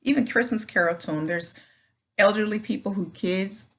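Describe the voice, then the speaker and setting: A woman's voice: mid-range voice, moderate pace, slight background noise. A middle-aged woman hosting her own channel, giving earnest, encouraging advice in a folksy, casual way and often asking "right?". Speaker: channel host. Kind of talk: casual advice talk to camera.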